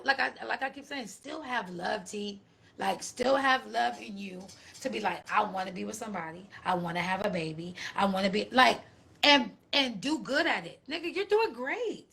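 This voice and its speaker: A woman hosting a casual live-stream chat, talking in an emphatic, profane, reassuring way with big swings in pitch. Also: creaky, bright, forceful tone, husky. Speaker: host. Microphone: phone.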